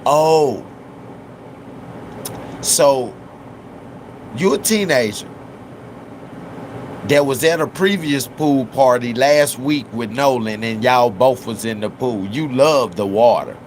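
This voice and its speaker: Slow-talking man. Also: medium pitch, slight background noise, low-quality recording. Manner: slow, drawling, acts out quotes in raised voices. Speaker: livestream commentator. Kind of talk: casual live commentary.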